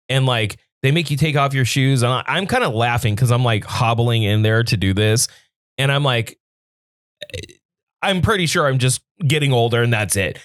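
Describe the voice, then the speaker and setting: A young adult man co-hosting a comedy podcast, telling a long story with deadpan setups in casual chat. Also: mid-range voice, a little slow, no room sound, studio quality. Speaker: podcast co-host.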